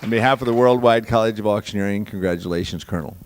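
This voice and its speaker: Smooth-voiced man emceeing a graduation. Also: racing. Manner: booming, rallies the crowd. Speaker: master of ceremonies at a graduation. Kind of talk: ceremony emcee speech.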